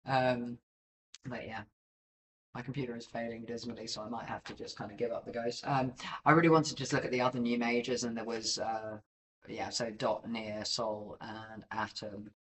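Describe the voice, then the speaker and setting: A man's voice: medium pitch, little pitch movement, normal speed, a bit bright, recorded from a distance, low-quality recording. A man giving casual live-stream market commentary over charts, rambling and self-deprecating with many filler ums. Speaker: livestream crypto chart analyst.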